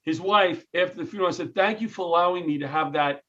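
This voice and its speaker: Fast and high-pitched over lo-fi sound, this middle-aged man from New York, a comedian and retired firefighter, tells stories in an interview. He is animated and jokey, acting out the lines of the people involved.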